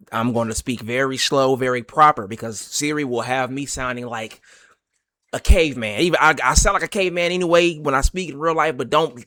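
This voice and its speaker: A man's voice: medium pitch, pushed and bright, dry recording. A man from Texas with a Texan accent, hosting a casual reaction video in loose, playful slang.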